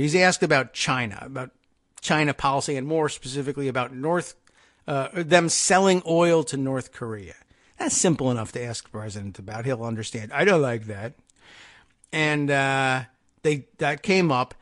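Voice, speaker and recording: A man's voice: fairly high pitch, a bit bright. A man hosting a political talk podcast, delivering a casual, sarcastic and exasperated monologue and mocking the quotes he reads out. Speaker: podcast host.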